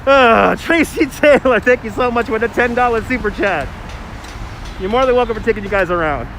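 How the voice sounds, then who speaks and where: Man, tour guide livestreaming outdoors, higher voice, greets chat by name, loud city traffic. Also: a little fast, rough recording. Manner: chatty, greets viewers by name. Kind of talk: live walking-tour stream with chat. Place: outdoors on a city bridge and promenade. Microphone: phone on a gimbal. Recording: loud urban traffic noise.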